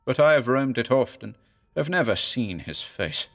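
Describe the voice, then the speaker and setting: A man voicing a tall, thin, masked wanderer who speaks with soft, old-fashioned courtesy. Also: medium pitch, sing-song, normal speed, pitched above the performer's own voice. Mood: evasive. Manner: softly courteous, archaic speech.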